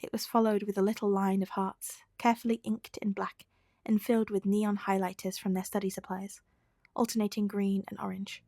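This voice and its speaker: Picture a woman narrating a fan fiction story in a soft, even way, her voice sitting in the middle of the female range. The sound is dry and close, with no room around it. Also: medium pitch, fairly quick, no room sound. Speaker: podfic reader.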